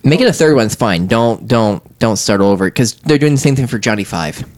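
Animated young man chatting about games. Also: brisk, slight background noise. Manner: animated, jokey, swoops up and down in pitch. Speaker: podcast co-host. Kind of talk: casual chat about video games.

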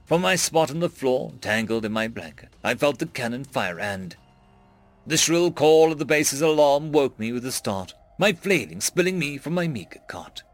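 At normal speed and with faint music behind him, a male narrator tells a tense first-person story in a lively, rising-and-falling delivery. His voice stays mid-pitched, but he leaps much higher to voice characters' frantic, panicked shouts.

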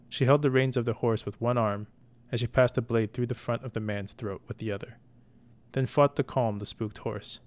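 A man narrating a story in a slow, deliberate scripted reading as the show's storyteller. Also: mid-range voice, steady tone, darkish tone. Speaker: podcast storyteller.

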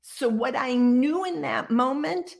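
A woman in her sixties from Iowa with a slightly high voice tells her story as a guest over a video call. She talks casually and animatedly and slips into the voices of the people she quotes. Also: slow, creaky. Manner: lively storyteller who acts out quoted dialogue. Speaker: guest psychic medium.

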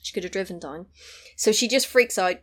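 Woman on a podcast retelling a movie, chatty, mid pitch, does the voices. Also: fairly quick. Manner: animated storytelling, acting out lines in a high voice. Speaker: podcast co-host recapping a film. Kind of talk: casual chat.

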